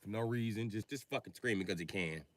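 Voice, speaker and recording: A male comedian telling profane comic stories in a live monologue, acting out both sides of conversations and breaking into loud shouts. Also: fast, no echo, studio quality. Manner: jumps to loud high shouts when acting out scenes.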